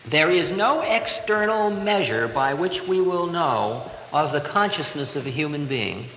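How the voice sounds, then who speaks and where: A man in his thirties giving a spiritual talk to an audience, telling stories in a lively, expressive way. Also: fairly high pitch, a little slow. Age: 30s. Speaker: spiritual teacher. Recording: echoey hall, 1970 live recording, faint hiss.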